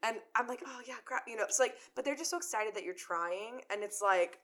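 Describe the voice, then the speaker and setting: A woman's voice: mid-range voice, lively intonation, fairly quick, a bit bright. A young woman in casual conversation, telling stories full of "like" fillers and acted-out quotes. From Chicago area. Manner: chatty storyteller, many "like" fillers, acts out quotes. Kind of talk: casual chat.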